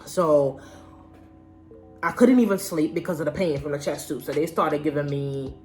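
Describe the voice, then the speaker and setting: A woman's voice: deep voice, moderate pace, a little mellow, faint music behind. A young adult woman telling a personal story in a casual vlog, candid and slangy. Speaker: vlogger.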